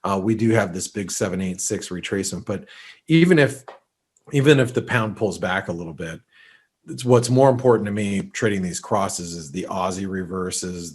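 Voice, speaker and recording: A man's voice: on the low side, husky. A man hosting an unscripted market webinar, talking loosely with many fillers and restarts, somewhat congested from allergies. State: allergies, sneezy. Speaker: market analyst host.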